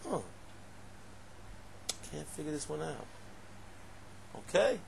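A man giving a lively Torah class, asking rhetorical questions and breaking into loud exclamations. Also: fairly high pitch, fairly quick, creaky, long pauses, slight background noise. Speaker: Torah teacher.

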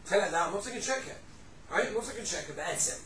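Man, high voice, animated class delivery, acts out the examples, roomy echo, slightly off-mic. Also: very fast, recorded from a distance. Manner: animated, acts out quoted speakers, sprinkles Yiddish and Hebrew terms. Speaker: Torah teacher. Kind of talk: casual halacha class.

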